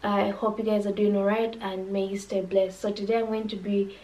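A woman's voice: medium pitch, level tone, fairly quick, mellow, distant mic, low-quality recording. A woman hosting a reaction channel, talking to her viewers in a friendly, chatty way. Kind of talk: casual vlog intro.

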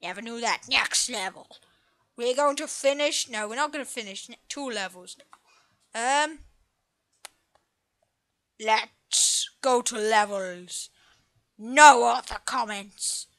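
A young gaming YouTuber chatting casually over a let's-play, muttering quiet asides. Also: medium pitch, takes it slowly, long pauses.

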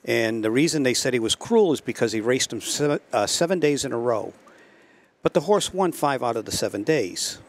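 Animated man telling a story. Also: medium pitch, brisk. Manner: animated, repeats himself, laughs at his own jokes. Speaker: guest, trailer company co-owner. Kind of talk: casual storytelling.

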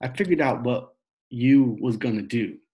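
A man reading aloud and voicing a fervent, devout older woman who calls out loudly and firmly. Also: moderate pace, close to an everyday voice. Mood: matter-of-fact. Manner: shouting praise, raised pitch.

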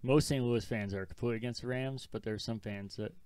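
A young man co-hosting a podcast, telling stories in a relaxed way and swearing casually. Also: mid-range voice, fast talker, noisy background. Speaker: podcast co-host. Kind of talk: casual chat.

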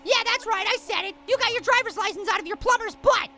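A performer voicing a tiny, excitable male apple as host of a let's play, commenting on the game and talking straight to viewers. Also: very high-pitched, fast, soft background music. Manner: hyper, exclaiming, talks to viewers.

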